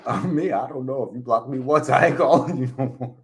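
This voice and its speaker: A man co-hosting a casual podcast, dry and skeptical, who steps in to correct the facts. His voice sits at an ordinary middle pitch. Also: fairly quick, a little hiss or hum. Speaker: podcast co-host. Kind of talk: casual chat.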